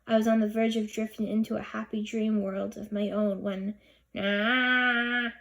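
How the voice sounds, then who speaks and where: A woman's voice: mid-range voice, completely flat delivery, moderate pace, vocal fry, warm tone. A woman narrating a children's chapter book in first person, reading expressively. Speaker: audiobook reader. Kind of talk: storybook narration.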